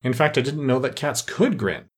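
A man's voice: mid-range voice, lively intonation, normal speed, close to an everyday voice. A man voicing Alice, a curious, polite little girl who keeps insisting earnestly.

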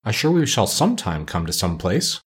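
A man's voice: deep voice, big pitch swings, brisk, husky, exaggerated voice. A man reading aloud and voicing an earnest, polite young girl.

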